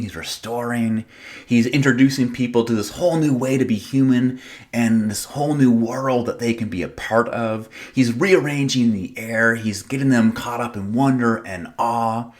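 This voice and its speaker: A man preaching a sermon as pastor, in a casual, conversational way, retelling the story with playful drama and rhetorical questions. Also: mid-range voice.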